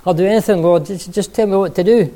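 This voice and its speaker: A man acting out a frantic man stranded on a cliff, his voice pushed up high and loud as he pleads and begs for rescue. The tone stays mellow under the strain. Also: lively intonation, extremely slow. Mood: pleading. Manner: pleading, shouting for help. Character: panicked man clinging to a cliff branch.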